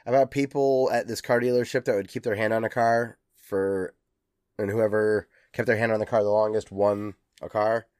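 A man's voice: fairly low pitch, fairly even intonation, normal speed, darkish tone, smooth, no echo, studio quality. Rambling man hosting a podcast. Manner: rambling, lots of ums and uhs. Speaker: podcast host. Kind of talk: casual chat.

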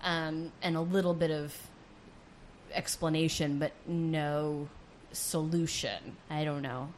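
Female co-reviewer, lower voice, thoughtful, faint noise floor. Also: fairly even intonation, slow pace. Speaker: theater reviewer. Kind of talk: casual conversational review.

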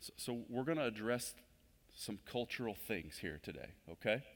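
Male pastor, mid-pitched, casual sermon delivery with emphatic build-ups, long church-hall reverb. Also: animated, moderate pace. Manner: conversational, swells louder and higher when stressing a point. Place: church sanctuary.

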